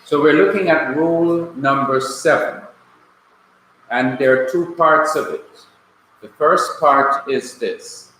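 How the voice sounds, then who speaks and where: Slow-talking male teacher in an echoey classroom. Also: on the high side, bright, forceful tone, a little hiss or hum. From Jamaica. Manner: slow, patient, repeats key points. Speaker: Bible language teacher. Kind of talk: classroom lecture. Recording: echoey classroom, mic at a distance.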